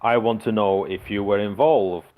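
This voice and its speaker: A man's voice: on the low side, fairly even intonation, moderate pace, phone-quality sound, lightly acted. A man voicing a stern, suspicious male town leader who interrogates strangers in a tabletop game. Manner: interrogating, demanding.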